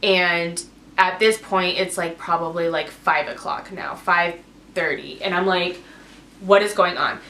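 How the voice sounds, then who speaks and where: Speaking unhurriedly in a lowish, sharp voice with fairly even intonation, this young adult woman rambles through an emotional storytime vlog. "Like" comes up constantly, and the echoey room carries a faint hum of noise.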